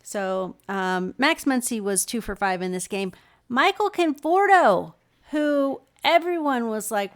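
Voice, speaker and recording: A woman's voice: mid-range voice, lively intonation, measured pace. A middle-aged woman co-hosting a podcast, recapping games in a meandering casual chat with many ums. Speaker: podcast co-host.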